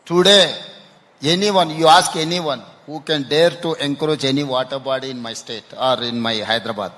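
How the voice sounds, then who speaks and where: A man answering interview questions on stage, halting and repeating words, often ending with "no?". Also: medium pitch, a bit bright. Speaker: chief minister interviewed on stage. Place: conference hall stage. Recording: long hall reverb.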